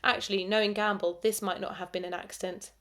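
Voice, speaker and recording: Expressive woman teacher reading a story. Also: mid-range voice, quick pace. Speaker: primary school teacher. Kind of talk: storytime read-aloud for children.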